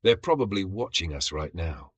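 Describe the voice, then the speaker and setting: A man's voice: deep voice, lively intonation, normal speed, fairly bright tone, slightly rough, dry recording, exaggerated voice. A man doing an exasperated alien soldier. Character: dry, sensible alien soldier, male, tactical.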